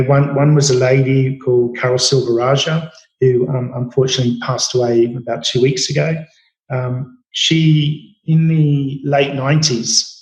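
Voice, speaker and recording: Australian chef with a roomy echo. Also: male voice, medium pitch. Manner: rambling, many fillers and restarts. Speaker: chef guest. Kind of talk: storytelling interview.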